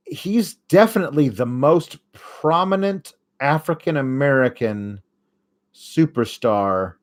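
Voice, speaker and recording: A man hosting a casual solo recap show, rambling and sarcastic, with frequent fillers and swearing when annoyed. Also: mid-range voice. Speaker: host.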